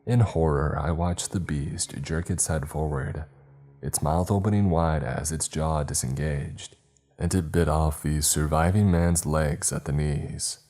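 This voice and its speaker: A man narrating a first-person horror story in a steady, grave manner. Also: a bass voice, unhurried.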